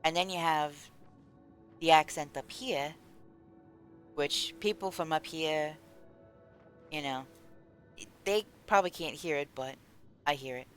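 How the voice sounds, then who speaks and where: A woman's voice: deep voice, a little slow, long pauses, faint music behind. A woman from the United States streaming a game, chatting casually and rambling as she answers her chat. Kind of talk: casual chat while gaming.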